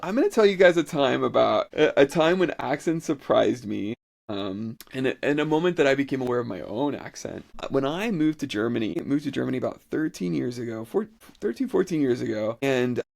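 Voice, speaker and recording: Casting: American male podcast host, thirties, gravelly mid-pitched voice, talks in loose restarts. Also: animated, fairly quick, darkish tone. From United States. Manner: loose and repetitive, restarting phrases. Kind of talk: solo educational podcast talk.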